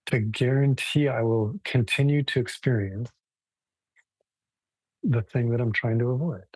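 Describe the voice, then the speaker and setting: A man with a husky, slightly breathy voice gives a casual live yoga lesson, thinking aloud as he goes. He speaks slowly, pausing and restarting his sentences. The sound is dry and close. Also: mid-range voice, darkish tone, no echo, low-quality recording. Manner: casual, thoughtful, many restarts and fillers. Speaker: yoga teacher. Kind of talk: relaxed live class lecture.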